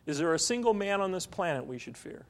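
A man's voice: high voice, big pitch swings, quick pace. A man preaching a sermon, telling a story and asking the congregation questions. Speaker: pastor.

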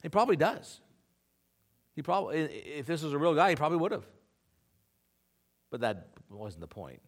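A man's voice: on the high side, sing-song, normal speed, long pauses. A man preaching a sermon as pastor, earnest and conversational, often checking in with his listeners.

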